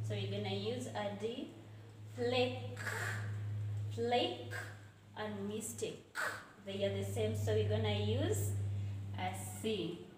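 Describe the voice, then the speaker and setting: In a very echoey room with a board, a woman gives an English literature class, working through it step by step and correcting herself. Her voice is fairly high and captured from a distance, with slight background noise.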